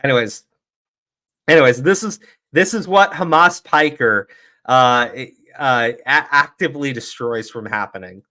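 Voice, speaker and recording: A man's voice: medium pitch, a little slow, sharp tone. A man giving profane, heated, sarcastic commentary on a livestream. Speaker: streamer commentator.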